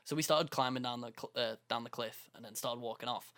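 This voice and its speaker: A young adult podcast co-host with a mid-range, steady voice speaks briskly, with a bright and forceful tone. In casual chat he tells a story, performing quotes and laughing often.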